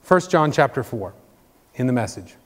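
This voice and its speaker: A middle-aged man preaching a sermon as a pastor, conversational and joking, swinging between loud emphatic bursts and quiet low asides. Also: sing-song, moderate pace. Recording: long reverb of a large hall.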